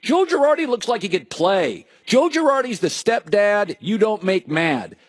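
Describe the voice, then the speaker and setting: A middle-aged man hosting a sports talk show, riffing in an opinionated monologue full of jokes and quick asides. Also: high-pitched, sing-song, no room sound. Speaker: sports radio host.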